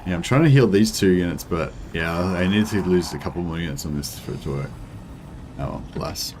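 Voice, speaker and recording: A young Australian man streams a strategy game, thinking aloud in a rambling, filler-heavy way as he answers chat in casual commentary. His voice is low and brisk with a darkish tone, and there's slight background noise.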